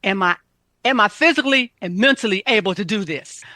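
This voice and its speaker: A woman's voice: medium pitch, expressive, a little fast, sharp tone, no room sound. A woman health coach giving casual, emphatic self-care advice, repeating her points.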